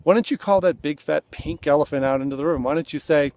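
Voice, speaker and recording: A man's voice: a little high, quick pace, few pauses, noisy background. A man coaching other men straight to camera in an earnest, conversational way, acting out the lines he suggests they say. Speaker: relationship coach. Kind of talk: direct-to-camera coaching talk. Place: indoors, seated.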